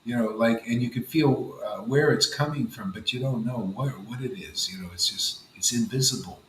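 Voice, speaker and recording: A man giving an informal devotional talk to a gathering, casual and animated, often saying "man" and "you know". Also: mid-range voice, normal speed, roomy sound, a little hiss or hum, low-quality recording. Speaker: spiritual teacher.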